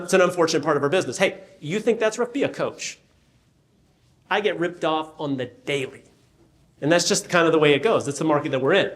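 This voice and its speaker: Animated man coaching on stage. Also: a little high. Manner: animated storyteller, acts out dialogue in raised voice. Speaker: real estate coach. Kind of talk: conference keynote talk.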